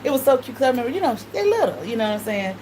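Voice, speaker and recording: A woman's voice: a little high, very animated, racing, darkish tone, a little hiss or hum, poor audio. Laughing, profane storyteller woman. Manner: profane, laughs often, quotes others in voices. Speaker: tarot reader and channel host. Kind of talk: casual storytelling monologue.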